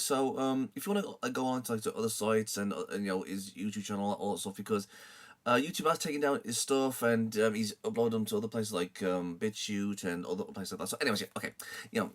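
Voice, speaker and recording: A young man hosting a reaction video, talking casually with lots of stammering, fillers and laughter. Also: fairly low pitch.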